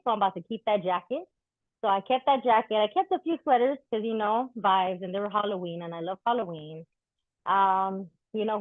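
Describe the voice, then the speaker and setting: This woman has a slightly high voice, heard on a dry, thin, phone-like recording. She's doing spoken-word poetry at a live event, talking openly and cursing freely in the breaks between poems.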